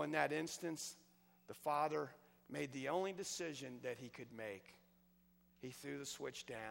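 A male preacher giving a sermon, telling a story with passion, swinging from loud outbursts to hushed words. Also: fairly high pitch, gravelly. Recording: long hall reverb.

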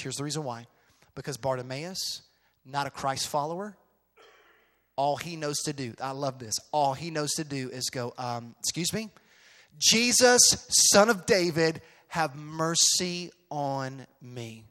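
A middle-aged male pastor telling a story in a sermon, swinging from quiet asides to loud, emphatic outbursts. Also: mid-range voice. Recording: long reverb of a large hall.

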